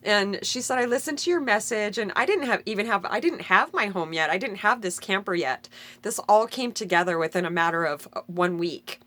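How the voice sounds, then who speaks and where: A woman's voice: medium pitch, animated, fairly quick, bright, forceful tone. A middle-aged woman telling a heartfelt personal story in an earnest, rambling way, often correcting herself mid-sentence. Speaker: vlogger sharing a personal story.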